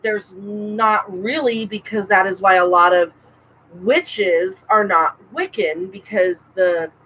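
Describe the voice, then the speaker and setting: A woman co-hosting a casual podcast chat, talking in an animated, rambling way with frequent restarts. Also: medium pitch, slow pace, a little hiss or hum, rough recording. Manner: chatty, animated, self-interrupting with restarts. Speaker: podcast co-host.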